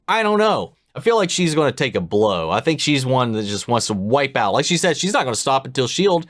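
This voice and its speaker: A man's voice: medium pitch, big pitch swings, fairly quick, hardly any pauses, fairly bright tone. A man co-hosting a podcast in casual reaction chat, blunt and swearing, building up his points to a joke. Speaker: podcast co-host.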